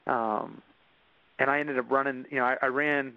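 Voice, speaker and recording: A man's voice: mid-range voice, steady tone, moderate pace, bright, forceful tone, dry recording. A man as an interview guest, telling a personal story in earnest with frequent restarts. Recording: dull dry recording.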